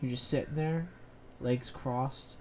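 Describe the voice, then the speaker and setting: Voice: mid-range voice, steady tone, slow pace, crowd noise. A game master running a casual tabletop game with friends, joking and swearing freely.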